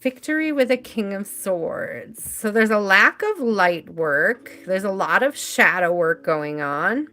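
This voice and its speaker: Bright-voiced chatty woman tarot reader. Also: medium pitch, animated, slow pace, few pauses. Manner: chatty, rambling, laughs easily. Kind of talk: live tarot reading.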